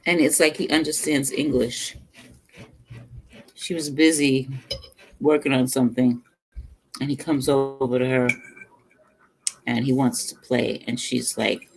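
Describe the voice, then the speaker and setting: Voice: mid-range voice, little pitch movement, measured pace, creaky, pauses often. A middle-aged cooking vlogger chatting casually between bites, telling stories and laughing often. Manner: talks between bites, murmurs over food. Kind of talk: casual chat while eating on a livestream.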